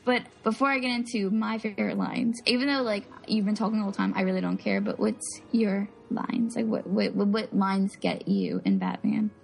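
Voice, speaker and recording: A woman's voice: medium pitch, animated, moderate pace, creaky, hardly any pauses. A woman chatting casually as a podcast co-host, talking in a filler-heavy, giggly way. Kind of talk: casual chat.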